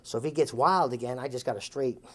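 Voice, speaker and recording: A man telling a long anecdote in an interview. He acts out the quoted lines with lively changes of voice and chuckles as he goes. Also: medium pitch, fast. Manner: chuckles while telling the story. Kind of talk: animated storytelling.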